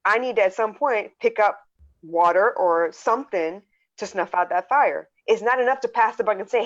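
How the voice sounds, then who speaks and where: A woman co-hosting a live podcast, animated and blunt, acting out the quotes she tells. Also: mid-range voice, moderate pace, dull audio. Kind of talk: live-streamed podcast talk.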